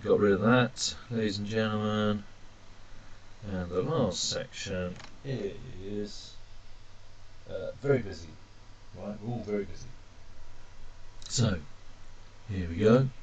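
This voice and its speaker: A man teaching a language lesson while drawing characters on screen, chatty and self-deprecating, calling his viewers ladies and gentlemen. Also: fairly low pitch, dull audio, a little hiss or hum.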